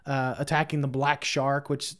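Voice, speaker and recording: A man's voice: mid-range voice, flat delivery, moderate pace, a bit bright. A man co-hosting a movie podcast, rambling and hesitant, with jokey asides. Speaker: podcast co-host. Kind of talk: casual movie review chat.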